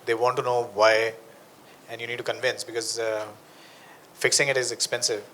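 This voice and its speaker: A man speaks in a relaxed, lightly humorous way at a tech panel. A faint room ambience hums behind him, and his pitch sits mid-range. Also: moderate pace, slight background noise. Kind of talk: panel discussion answer.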